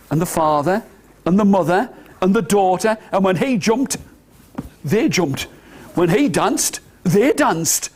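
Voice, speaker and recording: Male storyteller, high and very lively, for a nursery audience. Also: slightly rough. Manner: animated, coaxing children to join in. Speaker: children's storyteller. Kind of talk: interactive storytelling for toddlers. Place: nursery school room.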